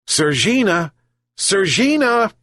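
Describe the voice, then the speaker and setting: A man voicing a kindly old fisherman who calls out loudly to his pets. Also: sits high, wildly swooping pitch, unhurried, breathy edge, no echo, studio quality, pitched above the performer's own voice, exaggerated voice. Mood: calling.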